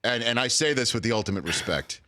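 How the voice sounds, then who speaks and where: A man hosting a talk show, bantering with a guest in a wry, quick-witted way. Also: mid-range voice, animated, sharp tone, no echo, clean studio sound.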